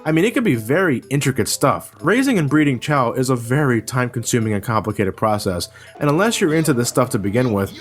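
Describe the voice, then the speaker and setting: A man reviews a video game in a comedic voice-over, and his pitch swings widely as he rants. His talk is salty and exasperated, and it jumps into sudden shouts. Game music plays faintly under him.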